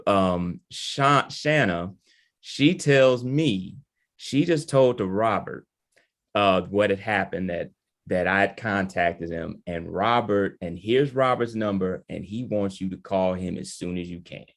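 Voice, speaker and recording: A man's voice: sits low, takes it slowly. A man from Michigan, a family historian and podcast guest, telling a story with animation and acting out the voices he quotes.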